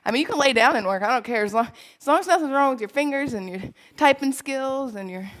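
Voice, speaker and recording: A woman with a somewhat high voice coaches a live workout class in an indoor space. She is upbeat and encouraging and laughs often between cues. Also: lively intonation, fast, fairly bright tone, rough recording. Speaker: fitness instructor.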